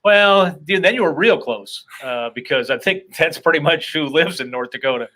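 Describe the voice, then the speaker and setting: A man's voice: a little high, lively intonation, moderate pace, pushed and bright. A man hosting a casual comedy interview, rambling with self-deprecating jokes and asides. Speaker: podcast host.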